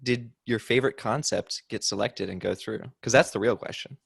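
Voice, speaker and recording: A man's voice: on the low side, moderate pace, gravelly, a bit bright, husky. A man co-hosting a podcast, chatting casually and asking the guest follow-up questions. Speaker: podcast co-host. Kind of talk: casual chat.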